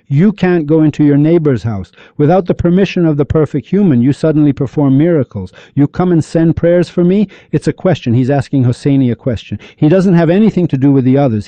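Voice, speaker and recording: A man preaches in a very dark, mellow voice, firing question after question at his listeners and scolding them. The recording is dull and lo-fi, with a dry, close sound. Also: mid-range voice, dry recording. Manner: fires rhetorical questions, scolding. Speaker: religious speaker. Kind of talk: impassioned religious lecture.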